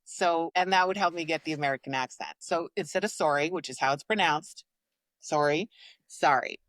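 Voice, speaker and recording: A middle-aged woman from Canada co-hosting a podcast, chatting casually and lively with big swings into mimicked voices. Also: deep voice, brisk, dry recording. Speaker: podcast co-host. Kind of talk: casual chat.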